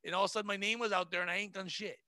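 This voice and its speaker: A man's voice: high voice, steady tone, racing, pushed and bright, dry recording. A man in his forties, a comedian guest telling profane, brash stories in a casual podcast chat. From New England. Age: 40s.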